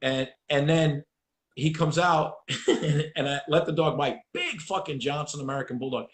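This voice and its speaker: A man's voice: on the high side, normal speed, roomy sound. A man hosting a casual chat, telling dog-training stories with profanity and acted-out voices. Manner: profane, animated storyteller acting out voices.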